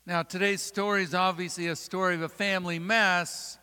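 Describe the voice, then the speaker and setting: A man pastor preaches in a smooth, high, bright voice, speaking straight to the congregation and asking them questions. His words ring out with a long hall reverb. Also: level tone, moderate pace, hardly any pauses. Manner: direct, addresses the congregation with questions. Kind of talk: sermon.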